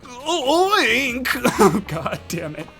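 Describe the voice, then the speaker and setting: A man's voice: very high-pitched, very animated, drawn-out words, fairly bright tone, faint music behind, pitched above the performer's own voice, exaggerated voice. A man voicing a pathetic older male client in a game, whining, pleading and oinking. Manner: whiny, pleading, squeals oinks. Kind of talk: reading game dialogue aloud on a stream.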